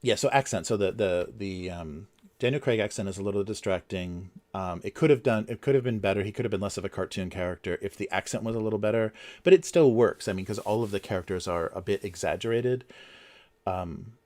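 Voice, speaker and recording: Low-voiced man chatting on a livestream. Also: brisk, darkish tone. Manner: rambling, many fillers and restarts; chuckles between points. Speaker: livestream host. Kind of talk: casual livestream chat.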